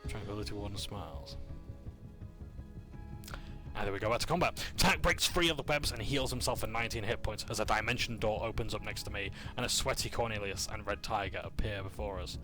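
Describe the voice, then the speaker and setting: A man's voice: lowish voice, brisk, over music. A man casually recapping a tabletop game session, joking and correcting himself as he goes. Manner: casual, with fillers, jokes and self-corrections.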